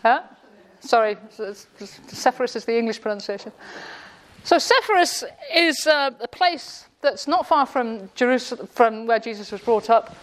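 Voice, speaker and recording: A woman's voice: on the high side, expressive, unhurried. A woman giving a classroom lecture with jokes, sarcastic and quizzing her audience in a room. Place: indoor room with a live audience.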